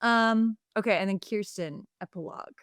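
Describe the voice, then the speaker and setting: A woman's voice: mid-range voice, normal speed, no room sound, clean studio sound. A woman co-hosting a podcast in casual chat, telling a made-up story playfully with lots of fillers. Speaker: podcast co-host.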